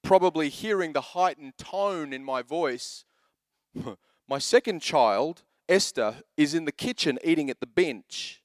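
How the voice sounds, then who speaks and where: Brief: lively male pastor in his thirties, joking sermon delivery, slightly high voice, dry close sound. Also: a little slow, no room sound. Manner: animated, joking storyteller who shifts into exhortation.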